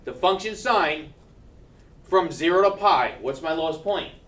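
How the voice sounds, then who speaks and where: A man's voice: fairly high pitch, animated, unhurried, a bit bright, far from the mic. A male math teacher giving a classroom lecture, checking in with his students and joking between steps. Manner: keeps checking in with "right?", joking asides.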